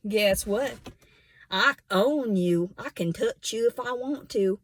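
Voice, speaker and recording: A woman's voice: mid-range voice, takes it slowly, no echo. A sneering, power-drunk male officer, put on mockingly by a woman, talks down with open contempt. The voice stays dry and close to the mic, with no room sound around it.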